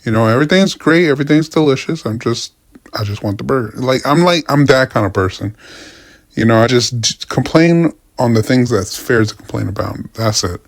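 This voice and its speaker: A man's voice: medium pitch, expressive, fairly quick, no room sound, studio quality. A young man ranting casually about his week, profane and frustrated, rambling with many restarts. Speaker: vlogger. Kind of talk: casual rant.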